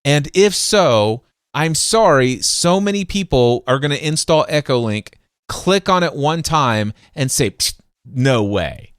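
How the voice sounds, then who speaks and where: Smooth-voiced, animated male podcast host. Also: a little high, measured pace, no echo, studio quality. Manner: animated, acts out sounds and voices in anecdotes; frequent restarts and stumbles. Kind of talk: excited conversational storytelling.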